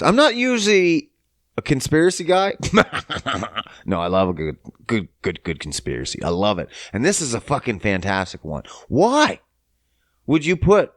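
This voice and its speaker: A man hosting a podcast in casual chat, ranting with heavy swearing and sarcasm and swinging between mock-innocent highs and low grumbles. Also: no echo, studio quality. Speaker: podcast host.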